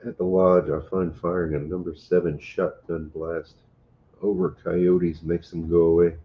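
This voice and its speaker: A man's voice: low-pitched, level tone, a little slow. A man with a Southwest Louisiana accent co-hosting a casual livestream, chatting and reading out viewer comments. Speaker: livestream co-host. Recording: roomy, dull home livestream audio.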